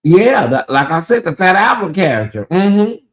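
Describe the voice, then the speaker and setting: A man's voice: high voice, big pitch swings, normal speed, fairly bright tone. A man with a Southern US accent hosting a casual livestream, talking straight to his viewers and reading out and answering their chat. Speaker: livestream host.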